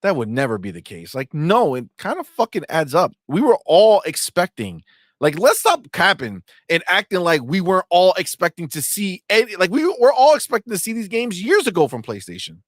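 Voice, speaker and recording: A man's voice: high-pitched, sing-song, normal speed, no room sound, studio quality. A man co-hosting a gaming podcast in casual, heated banter, swearing freely and talking animatedly.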